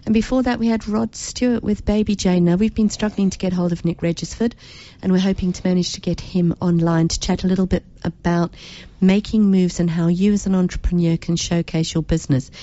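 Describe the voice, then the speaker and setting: A woman's voice: fairly low pitch, fairly even intonation, brisk, warm tone, highs cut off. A woman hosting a radio talk show, direct and encouraging as she speaks to listeners. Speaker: radio host.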